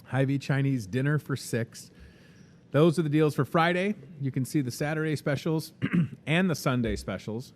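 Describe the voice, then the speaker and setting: A man's voice: mid-range voice, normal speed, slight background noise. A young man with a Midwestern American accent hosting a casual store promo, chatty and upbeat with joking sales patter. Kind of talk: casual live promo talk.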